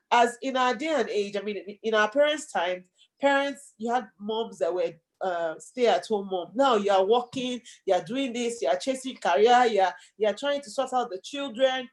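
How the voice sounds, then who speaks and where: A woman's voice: fairly high pitch, a little mellow. A woman hosting an interview, affirming her guest and asking long, rambling questions. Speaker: host. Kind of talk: interview chat.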